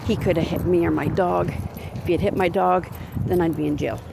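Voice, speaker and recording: Gravelly woman vlogger, indignant rambling rant, phone held while walking outdoors, street noise behind. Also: on the low side, fairly even intonation, brisk. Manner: indignant, rambling, talks with many restarts. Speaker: vlogger and crisis worker. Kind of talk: ranting to camera while walking.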